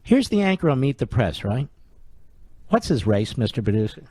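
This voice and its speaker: A man's voice: medium pitch, big pitch swings, normal speed, warm tone, no echo. A man hosting a talk radio show, delivering an opinion monologue in a sarcastic, combative way full of rhetorical questions.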